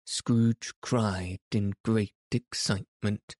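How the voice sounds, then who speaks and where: A man narrating a classic story in an expressive, measured audiobook reading. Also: lowish voice, no echo, studio quality.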